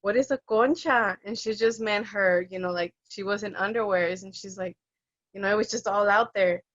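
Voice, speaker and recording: A woman's voice: mid-range voice, moderate pace, dry recording. A young woman who works as an end-of-life caregiver tells a personal story, acting out the voices of the people in it. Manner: animated, acts out quoted voices. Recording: dull, dry lo-fi recording.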